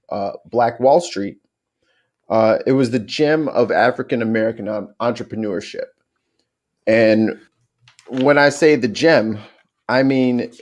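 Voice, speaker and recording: A man's voice: mid-range voice, darkish tone. Profane, joking podcast co-host man. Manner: joking, profane, trash-talking. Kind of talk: casual chat and informal history telling.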